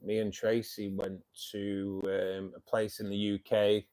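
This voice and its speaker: A man's voice: lowish voice, completely flat delivery, measured pace, a little mellow. A man in his fifties with a Mancunian accent, chatting casually with viewers on a fishkeeping livestream and calling them "mate". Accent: Mancunian English. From England, Manchester. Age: 50s. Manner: chatty and matey, keeps saying "mate". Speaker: livestream host of a fishkeeping club.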